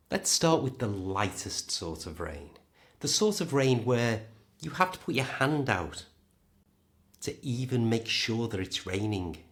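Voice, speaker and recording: A man with a British accent teaching a pronunciation lesson, modelling each word slowly and clearly. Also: lowish voice, a bit bright. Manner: slow, clear, modelling words for the learner. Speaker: English teacher.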